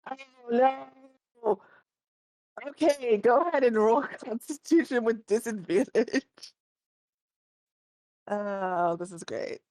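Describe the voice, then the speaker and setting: A woman's voice: a little high, takes it slowly, a little mellow, no echo. A woman narrating a tabletop game as game master, describing scenes in a rambling way full of fillers.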